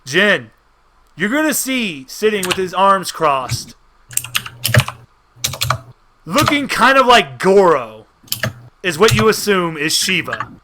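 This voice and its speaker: A man's voice: sits high, big pitch swings, measured pace, noisy background. A man narrating a tabletop game as game master, in an easygoing way with frequent restarts.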